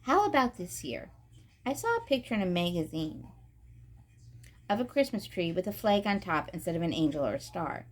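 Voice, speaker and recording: A woman reading as a gentle, kind mother. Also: fairly low pitch, big pitch swings, normal speed.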